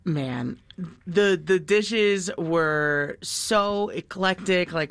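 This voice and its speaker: A woman's voice: lowish voice, slow pace. A woman hosting a food segment, reacting with enthusiasm as she tastes dishes. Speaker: host. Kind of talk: casual interview chat.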